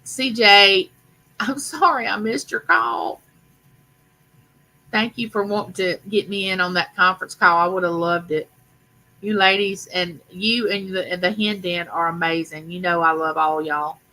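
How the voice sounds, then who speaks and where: An older woman, hosting a casual live chat and talking warmly to her viewers. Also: on the low side, measured pace, poor audio. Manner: chatty, affectionate, talks to viewers directly. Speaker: live stream host.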